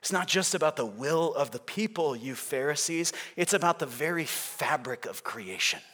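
A man voicing a calm male king who speaks with quiet, solemn authority. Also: moderate pace. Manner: solemn and low.

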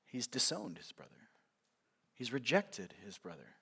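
A man preaching a sermon, swinging from loud, emphatic lines to hushed, quiet ones as he works through a passage. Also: mid-range voice, big pitch swings, moderate pace, long pauses, husky. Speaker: pastor.

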